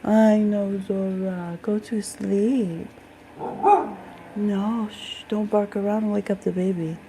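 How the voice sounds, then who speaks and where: Midwestern woman, tarot live-streamer, unhurried and gravelly, chatty, steady rain noise on a home phone stream. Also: mid-range voice, rough recording. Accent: Midwestern American. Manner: chatty, laughs often, greets viewers. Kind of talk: casual live-stream chat. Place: home, room with a lamp, rain outside.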